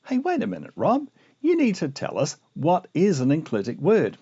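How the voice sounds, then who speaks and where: A man voicing an eager student who interrupts abruptly with a question, in a high, put-on voice. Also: wildly swooping pitch, moderate pace, dark tone, husky, full character voice. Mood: interrupting. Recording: muffled lo-fi recording.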